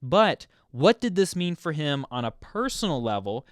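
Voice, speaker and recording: A man hosting his own channel, explaining a song's meaning in a casual, chatty way, full of "like" and quick asides. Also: a little high, dry recording, clean studio sound. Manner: chatty, filler-heavy, animated. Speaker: music explainer host. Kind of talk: casual explanatory video commentary.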